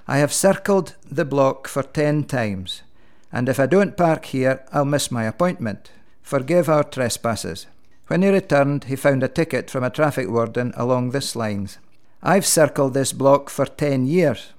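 A man, a minister telling church jokes one after another with a dry, gentle delivery and quick punchlines. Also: mid-range voice.

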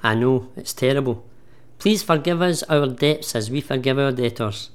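A man's voice: medium pitch, normal speed, close to an everyday voice. A man playing a doubting, cheeky disciple in a comic church sketch. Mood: wry. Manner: hesitant, cheeky. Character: doubtful grown male disciple. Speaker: radio station manager.

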